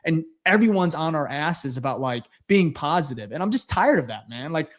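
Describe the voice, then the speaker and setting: A man's voice: fairly high pitch, animated, moderate pace. Frustrated young man ranting about football. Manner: frustrated, blunt, swears, repeats himself. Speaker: podcast co-host. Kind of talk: heated post-game podcast rant.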